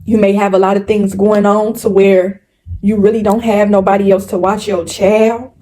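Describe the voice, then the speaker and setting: A woman's voice: mid-range voice, little pitch movement, moderate pace, warm tone, low-quality recording. A woman vlogger telling a personal story to her viewers in an earnest, repetitive way, often turning to address them directly. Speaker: spirituality vlogger. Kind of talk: casual storytelling to camera.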